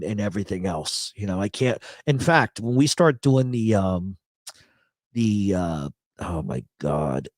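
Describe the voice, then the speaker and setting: A middle-aged man hosts a late-night livestream and reads the chat. He tells rambling, profane, joking stories with a lively, swinging pitch. He is recorded dry and close, with no room sound. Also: dry recording. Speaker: host. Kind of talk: casual livestream chat reading comments. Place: apartment in a big city.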